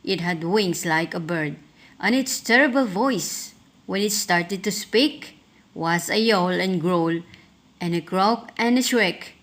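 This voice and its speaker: A woman reading a rhyming picture book aloud, rhythmic and expressive. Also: fairly low pitch, slow. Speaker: storyteller.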